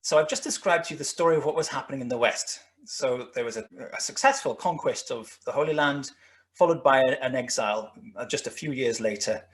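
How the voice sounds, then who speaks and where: This guest lecturer speaks in a mid-range voice that's a bit bright and a little fast. Talking through history on slides, he rambles, with frequent fillers and false starts.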